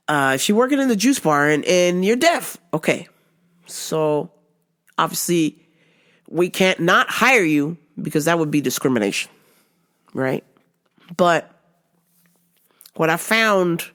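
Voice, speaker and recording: A woman hosting her show, telling a comic story in casual chat, profane and laughing often. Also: low-pitched. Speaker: show host.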